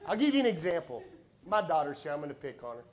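A middle-aged man preaching a sermon as a pastor, telling stories conversationally and swinging between quiet, low lines and loud, high ones. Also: very animated, quick pace. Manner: conversational storytelling with repeated words.

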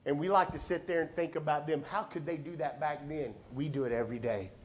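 A middle-aged man preaching a sermon as a pastor, telling stories conversationally and swinging between quiet, low lines and loud, high ones. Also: fairly quick, a little hiss or hum. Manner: conversational storytelling with repeated words.

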